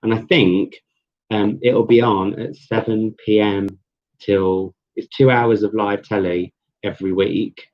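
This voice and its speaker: A man's voice: lowish voice, steady tone, unhurried. Rambling man on a lo-fi live stream. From England. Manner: rambling, chatty, many ums and restarts. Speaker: book vlogger hosting a live chat. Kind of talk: casual live-stream chat. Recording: dull lo-fi live-stream audio.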